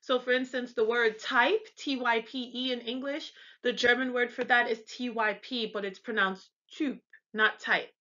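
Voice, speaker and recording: A woman with an American accent gives a pronunciation lesson in a bright, fairly high voice. She explains each sound step by step and sometimes stops to correct herself. The audio is a little dull and lo-fi. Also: fairly even intonation, normal speed, hardly any pauses. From United States. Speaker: language tutor.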